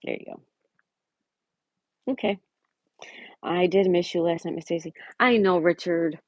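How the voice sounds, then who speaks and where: A woman's voice: fairly low pitch, a little slow, dry recording, lo-fi sound. A woman hosting a casual livestream, chatting and reading out viewers' messages and greeting them by name. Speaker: livestream host. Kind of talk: casual live-chat reading.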